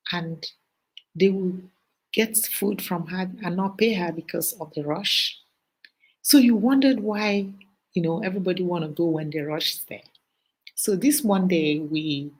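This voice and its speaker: A middle-aged woman hosting a casual live-stream chat, telling stories with animated asides and a preachy streak. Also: fairly low pitch, husky, rough recording.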